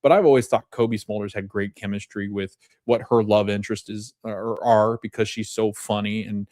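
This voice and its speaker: Low-voiced man rambling through a recap. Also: steady tone, moderate pace, a little mellow, dry recording, studio quality. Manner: rambling, self-correcting, chuckles while retelling scenes. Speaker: podcast host. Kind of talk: casual TV episode recap.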